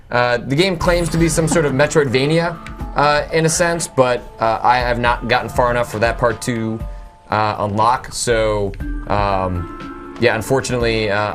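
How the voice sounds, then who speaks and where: Halting man narrating his gameplay. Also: medium pitch, a bit bright. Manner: halting, full of "uh" and "um". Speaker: video game show co-host. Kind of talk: casual gameplay commentary. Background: game music.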